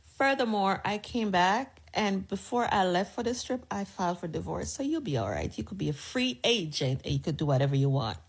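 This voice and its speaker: A woman's voice: mid-range voice, big pitch swings, fairly quick, few pauses, slightly rough. A middle-aged woman with a sassy, chatty manner, telling a personal story in a casual storytime. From United States.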